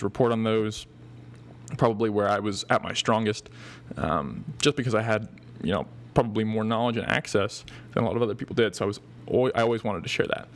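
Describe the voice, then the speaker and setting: A young man hosting a podcast, talking in a rambling casual monologue with many fillers and restarts. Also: lowish voice. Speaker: podcast host. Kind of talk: casual thank-you monologue.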